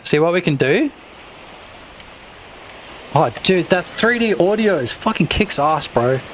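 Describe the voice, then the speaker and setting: Excitable, swearing male game-dev streamer. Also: sits high, a little slow, slight background noise. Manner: excitable, profane, rambling. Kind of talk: casual livestream chat.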